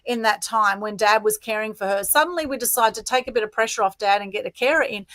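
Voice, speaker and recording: A woman's voice: medium pitch, fast, sharp tone, dry recording. A middle-aged Australian woman co-hosting a live stream, talking earnestly and emotionally, often adding "right?" to her points. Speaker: co-host. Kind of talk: casual chat on a live stream. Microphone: video call.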